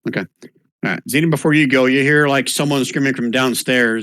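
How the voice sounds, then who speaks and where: A man running an online tabletop game as game master, relaxed and halting, with plenty of fillers, on a computer mic. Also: medium pitch, dry recording. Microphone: computer mic on an online call.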